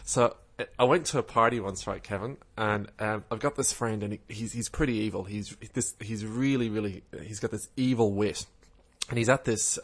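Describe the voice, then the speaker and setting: A man's voice: fairly low pitch, a bit bright. A man, co-hosting a casual chat and telling stories, hesitant with many fillers. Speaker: podcast co-host.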